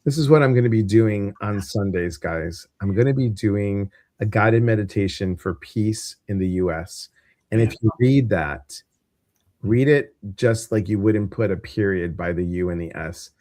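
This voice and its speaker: A man's voice: fairly low pitch, unhurried, mellow, no echo, clean studio sound. A man with a Midwestern American accent hosting a casual livestream, chatty and rambling with lots of fillers. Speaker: host.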